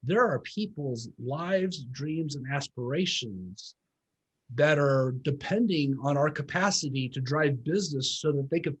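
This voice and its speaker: In an interview, a man in his fifties who went from pastor to real estate business owner tells his story as a guest. His mid-range voice is husky and earnest, reflective, and he slows down to stress points with emphasis. The audio quality is poor.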